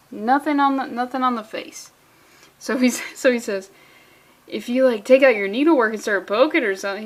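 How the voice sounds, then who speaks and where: A woman's voice: a little high, fairly bright tone. A woman casually reviewing a comic book, rambling and profane, with lots of jokey asides.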